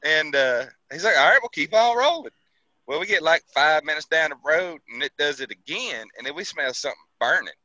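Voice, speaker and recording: A man's voice: a little high, a little fast, few pauses, bright, forceful tone, no room sound, highs cut off. A man casually telling a profane army story, laughing and acting out the people he quotes. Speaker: veteran telling army stories.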